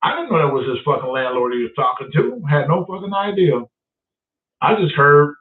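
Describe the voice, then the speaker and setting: A slightly high-voiced man with big pitch swings talks at a moderate pace, leaving long pauses. Hosting a casual live stream, he tells profanity-laden stories and reads viewers' chat names aloud. The audio is roomy, distant and phone-like.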